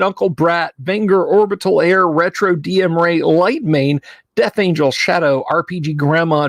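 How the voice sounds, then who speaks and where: A man's voice: sits high, no room sound, studio quality. A man hosting a casual livestream, chatty, reading viewer names aloud and laughing easily. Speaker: livestream host.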